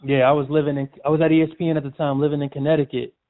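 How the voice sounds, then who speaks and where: A man tells stories in an easy, slangy way in casual interview chat. His voice sits a little high. The sound is thin and boxy, like a phone call. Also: racing. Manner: relaxed, storytelling, slangy. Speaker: sportswriter guest. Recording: tinny phone-like audio.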